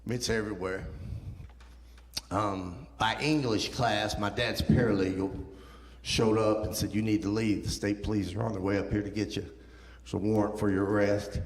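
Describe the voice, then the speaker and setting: A man's voice: lowish voice, steady tone, normal speed. A man in his fifties, a guest speaker telling a personal story in a sermon, acting out the voices of the people in it. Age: 50s. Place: church sanctuary. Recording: echoey church hall.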